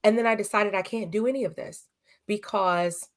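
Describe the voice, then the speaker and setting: A woman's voice: medium pitch, moderate pace. Podcast guest: a woman from California with a mid-range voice, earnest and emotional, recounting her own story. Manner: earnest, emotional, quotes dialogue. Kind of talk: personal storytelling interview. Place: podcast studio.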